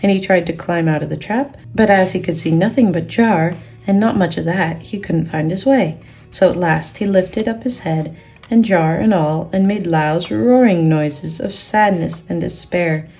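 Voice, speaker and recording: A woman gently and expressively reading a children's book aloud, with soft guitar music behind. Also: lowish voice, moderate pace. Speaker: storyteller and sculptor.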